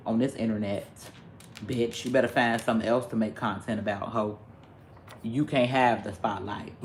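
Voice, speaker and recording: A man's voice: mid-range voice, fairly bright tone, a little hiss or hum. A man, ranting profanely and animatedly to his livestream viewers. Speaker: live streamer.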